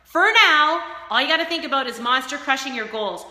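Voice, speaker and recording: A high-pitched woman with a bright voice gives fitness viewers an energetic pep talk. She speaks directly to the people watching her live stream. The room is echoey, with a long reverb trailing each line. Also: brisk, slight background noise. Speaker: fitness coach.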